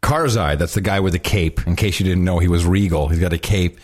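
A man co-hosting a casual podcast, animated and sarcastic, often laughing at his own jokes. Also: sits low, fairly quick. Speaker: podcast co-host.

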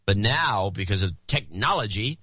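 A man's voice: on the low side, expressive, normal speed, sharp tone, breathy edge, dry recording. A man co-hosting a podcast in casual chat, rambling and explaining at length with dry humor. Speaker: podcast co-host.

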